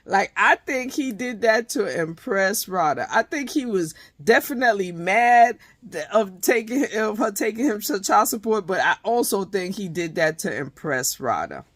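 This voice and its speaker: A woman's voice: medium pitch, lively intonation, moderate pace, hardly any pauses, fairly bright tone, no echo, studio quality. A woman giving a casual, profane recap of a reality show episode, retelling scenes animatedly with many restarts. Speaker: reality TV reviewer.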